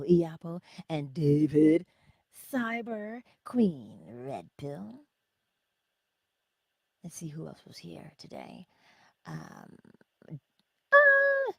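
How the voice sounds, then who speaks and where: A woman hosting a livestream in a chatty, playful valley-girl manner, her low-set voice swinging widely in pitch. She talks slowly and laughs between greetings to her viewers. The sound is close and dry. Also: warm tone, breathy edge, no echo. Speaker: livestream host. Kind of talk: casual livestream sign-off.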